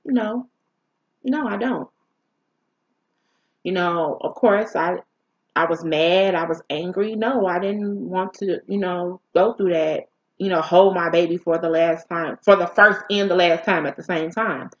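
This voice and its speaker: A woman's voice: on the low side, fairly even intonation. Woman telling a painful story, lo-fi. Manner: emotional, halting, candid storytelling. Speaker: vlogger. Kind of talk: personal storytime.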